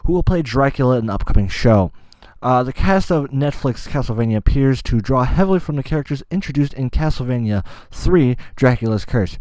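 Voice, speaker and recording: A man's voice: mid-range voice, a little mellow, no room sound. A man hosting a casual solo gaming podcast, rambling, swearing often and losing his train of thought. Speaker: podcast host.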